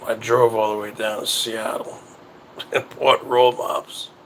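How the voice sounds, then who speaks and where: A man hosting his own show, chatting casually in a rambling, halting way that often repeats itself. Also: fairly low pitch, little pitch movement, a bit bright, a little hiss or hum, poor audio. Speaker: show host. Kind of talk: casual livestream chat.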